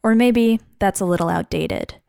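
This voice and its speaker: A woman's voice: medium pitch, moderate pace, gravelly, mellow, dry recording, clean studio sound. A woman in her thirties giving scripted narration in a wry, confiding way.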